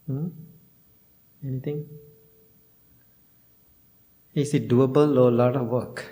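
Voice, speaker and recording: Chuckling monk giving a homely talk. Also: male voice, medium pitch, fairly even intonation, slow, mellow. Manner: plain simple phrasing with chuckles, acts out both sides of conversations. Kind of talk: informal dharma talk to a temple group.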